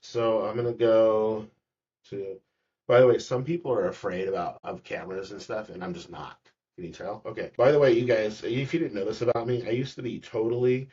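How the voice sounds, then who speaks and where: A man's voice: on the low side, husky. A man, a real estate agent, walks a colleague through a screen-recorded tutorial in a chatty, joking way, repeating words as he goes. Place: office room with a colleague. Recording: dull, distant screen-recording audio.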